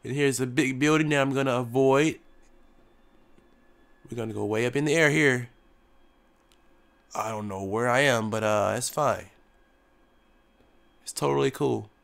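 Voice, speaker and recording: Young male gamer with a cold, goofy mock-pilot patter, bright tone, slow delivery. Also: mid-range voice, vocal fry. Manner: joking, plays a mock tour pilot. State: sick, coughing. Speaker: gaming YouTuber. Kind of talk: casual gameplay commentary.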